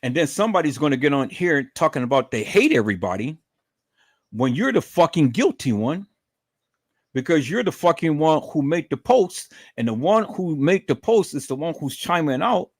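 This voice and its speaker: A man's voice: on the high side, sing-song, normal speed, no room sound, studio quality. Furious profane middle-aged man ranting. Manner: profane, indignant, calls the audience "peoples"; repeats words when worked up, swings to loud outbursts. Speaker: livestream commentator. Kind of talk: angry ranting livestream commentary.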